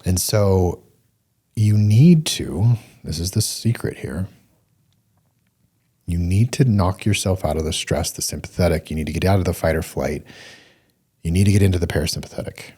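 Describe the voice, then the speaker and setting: Deep-voiced guy with a husky edge, coaching listeners earnestly, keeps hammering the same points. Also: normal speed, pauses often, warm tone. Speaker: podcast host. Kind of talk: solo motivational talk.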